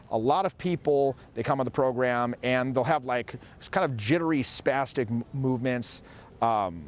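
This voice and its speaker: A man's voice: medium pitch, slight background noise. A man in his forties, a social skills coach, giving an emphatic instructional monologue and demonstrating vocal tones as he speaks.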